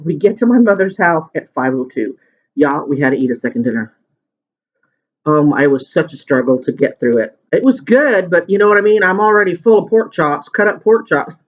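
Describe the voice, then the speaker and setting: Man, high-ish voice, chatty home-video eater rambling on, muffled lo-fi sound. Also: expressive, fairly quick. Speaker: mukbang vlogger. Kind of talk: casual chat while eating. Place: at home at the dinner table.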